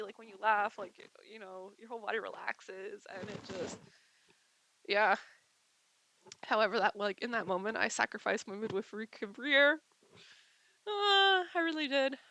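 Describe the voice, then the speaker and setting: A woman's voice: on the high side, pushed and bright, no echo. A woman telling a story casually at home, chatty and full of filler words, her lungs tired from being sick. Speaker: vlogger.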